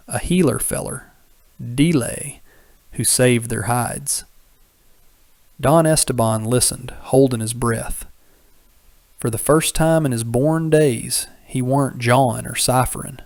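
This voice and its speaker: A man narrating an audiobook with a drawling, colloquial Old West yarn-spinning manner. His mid-pitched voice carries a gravelly rasp, recorded close in a dry booth. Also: a little mellow, no room sound.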